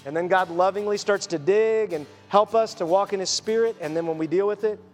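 Earnest high-voiced male preacher, reverberant hall. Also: a little fast, faint music behind. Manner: earnest preaching, voicing quoted speakers. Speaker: pastor. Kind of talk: sermon.

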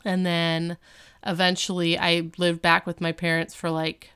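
A woman's voice: on the low side, monotone, unhurried, fairly bright tone, clear, resonant tone. A woman in her thirties co-hosting a podcast, recapping a show in a chatty way with lots of fillers and restarts. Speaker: podcast co-host. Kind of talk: casual recap chat.

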